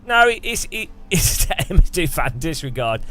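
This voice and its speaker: A man's voice: a little high, sing-song, normal speed, pushed and bright. A man streaming a racing sim, chatting casually and ranting with frequent laughter. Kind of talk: casual live-stream chat.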